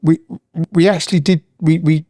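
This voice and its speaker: A man in his sixties, a founder and accountant, guests on a casual podcast, his fairly high, mellow voice fairly even in intonation and normal in speed. He rambles chattily with lots of fillers and restarts, recorded with studio quality and no room sound.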